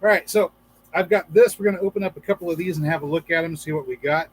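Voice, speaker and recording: A man's voice: fairly high pitch, quick pace, husky, low-quality recording. A man hosting a casual livestream for gardeners, chatting, reading viewer comments aloud and telling jokes with a few acted-out voices. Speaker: livestream host.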